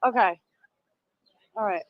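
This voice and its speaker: A middle-aged woman with a Boston accent chats with viewers and passersby while livestreaming on a handheld phone from a crowded sidewalk. Her voice is medium-pitched and slow. The audio is narrow and tinny, with no room sound.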